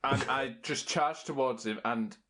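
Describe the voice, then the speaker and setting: A man playing a tabletop role-playing game, excitable and full of stammered restarts as he describes his character's actions. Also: medium pitch, a little slow. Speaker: player.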